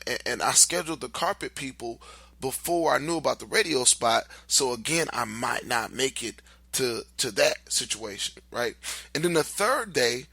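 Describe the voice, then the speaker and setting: A middle-aged man talks straight into a close podcast mic in a casual monologue. His voice is bright and forward, recorded dry with no room sound, and he keeps checking in with "right?" as he goes. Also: medium pitch, no room sound. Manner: conversational, repeats "right?", restarts words. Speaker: podcast host and relationship coach.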